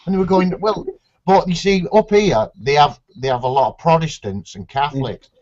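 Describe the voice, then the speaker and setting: English guy cussing a lot while he chats, voice on the higher side, kinda muffled lo-fi audio. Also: very animated, a little fast, a little mellow. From England. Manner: swears freely, mimics others in a raised voice. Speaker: chat participant. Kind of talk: casual chat.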